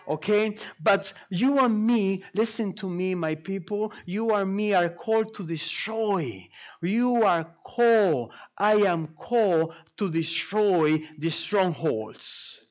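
A man preaching a sermon to his congregation, halting with frequent fillers and restarts, speaking to them directly. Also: high-pitched. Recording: muffled lo-fi sermon recording.

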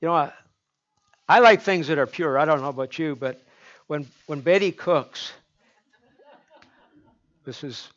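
Chatty Canadian pastor, slightly high voice. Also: male voice, measured pace, pauses often, fairly bright tone, lo-fi sound. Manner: chatty, joking asides to the congregation. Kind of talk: folksy sermon.

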